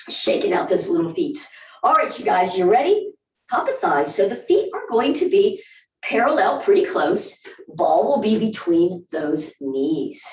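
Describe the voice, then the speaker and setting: In a medium-pitched, darkish voice, a woman with a Southern US accent runs a live barre class. Her coaching is upbeat, full of whoops and counts, and the recording sounds distant and roomy.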